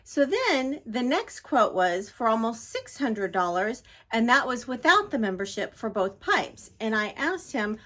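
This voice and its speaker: A middle-aged woman talks into a phone held at arm's length, her voice sitting a little high. She rambles and apologizes as she vents, casual and chatty. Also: very animated, measured pace, a bit bright. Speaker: vlogger. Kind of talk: casual vlog chat. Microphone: handheld phone at arm's length.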